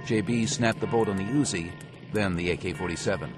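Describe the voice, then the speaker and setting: A man giving a steady, measured scripted audiobook narration. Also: low voice, music in the background.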